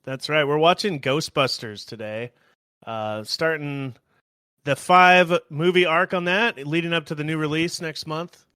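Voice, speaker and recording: Bright-voiced young man co-hosting a podcast. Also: on the high side, a little slow, clear, resonant tone, no echo. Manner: laughs easily, joking. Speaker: podcast co-host. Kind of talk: casual chat.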